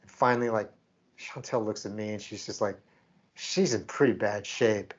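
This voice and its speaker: The podcast co-host, a man with a fairly low, slightly breathy voice, speaks at a moderate pace over lo-fi sound. He tells a story in casual chat, animatedly acting out what each person said to the other.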